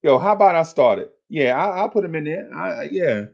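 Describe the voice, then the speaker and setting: A man's voice: fairly high pitch, animated, brisk, gravelly, a little mellow, highs cut off. A man hosting a fan livestream, talking casually and hyping up his chat in repetitive, slangy calls.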